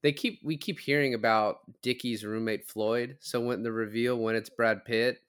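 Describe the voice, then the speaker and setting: A man co-hosting a film review podcast, talking in a relaxed, loose way full of fillers. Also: mid-range voice, moderate pace, clean tone. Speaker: podcast co-host. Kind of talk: casual chat.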